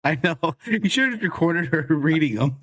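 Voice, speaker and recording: A male podcast co-host from Indiana with a slightly high voice. He laughs often and gives joking, defensive replies in a relaxed conversational way. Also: normal speed. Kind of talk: casual comedy podcast chat.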